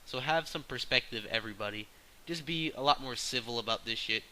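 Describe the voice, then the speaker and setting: In a low-quality recording, a vlogger talks casually to his camera at a brisk pace, delivering a blunt opinion rant packed with slang and swearing. He starts out loud and excited, then grows calmer and lower as he goes on.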